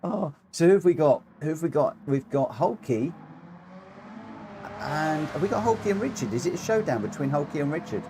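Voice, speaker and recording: Chatting to viewers from a home desk-mic setup, a gaming livestream host delivers excitable, giggly live commentary. His pitch is fairly high and his speed normal, and the background is noisy.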